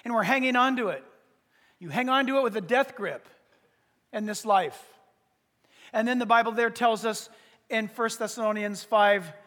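A male pastor preaching a sermon, emphatic, often pausing to say "listen" to press his points. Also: high-pitched, fairly bright tone. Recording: reverberant hall.

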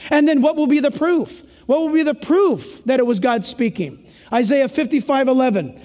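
Male preacher, high voice, emphatic sermon, long hall reverb. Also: moderate pace. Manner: emphatic, exclamatory, swings from loud to hushed.

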